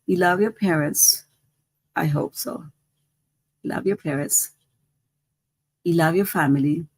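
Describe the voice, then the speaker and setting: A woman's voice: on the low side, takes it slowly, slightly rough, dry recording, rough recording. A woman spiritual teacher giving a live-streamed talk in a conversational way, often repeating herself and checking in with "right?".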